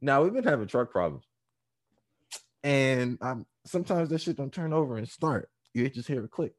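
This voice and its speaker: A man casually telling a story full of profanity, animated and acting out the people in it. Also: medium pitch, moderate pace. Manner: profane, animated, acts out voices and laughs.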